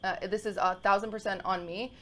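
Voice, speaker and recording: Brisk and mid-range, with fairly even intonation, this is a twentysomething woman co-hosting a podcast. Her casual storytelling wanders and turns emotional, full of fillers and false starts.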